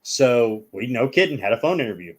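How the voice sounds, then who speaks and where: A man's voice: medium pitch, sing-song, brisk. A man telling long stories as a guest in a casual chat, rambling and acting out the people in them.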